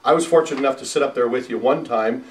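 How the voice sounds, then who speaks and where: A man in the host's chair talks fast, moving the conversation from one topic to the next. His voice echoes around a roomy space, and he sits away from the microphone. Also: medium pitch. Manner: quick, conversational, steers the topics. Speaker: podcast host. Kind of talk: casual sports chat. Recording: roomy, distant mic.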